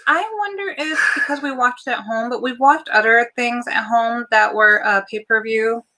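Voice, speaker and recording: A woman with a bright, somewhat high voice talks to viewers on a live stream. She co-hosts a movie watch party and explains things in a chatty, loose way full of ums and uhs. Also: moderate pace. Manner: chatty, explains with many fillers. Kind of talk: casual live-stream chat.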